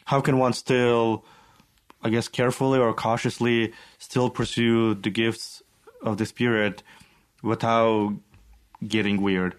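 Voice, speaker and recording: A man's voice: medium pitch, flat delivery, slow pace, clean tone. A man hosting a podcast, asking an interview guest searching, loosely worded questions. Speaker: podcast host.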